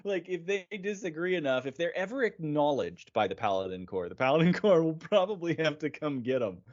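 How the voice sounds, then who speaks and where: A man co-hosting a podcast whose pitch swings widely as he chats. He hedges with "like" and laughs easily, and the recording sounds dull and lo-fi. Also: very animated, brisk, a little mellow. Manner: chatty, laughs often, hedges with "like". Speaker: podcast co-host. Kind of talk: casual chat.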